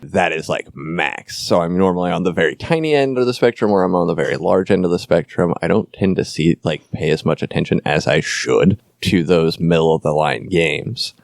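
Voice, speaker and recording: Male podcast host, low gravelly voice, dry close sound, rambling and joking. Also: animated, no echo. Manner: joking, rambling, quick self-corrections. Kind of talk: casual chat about board games.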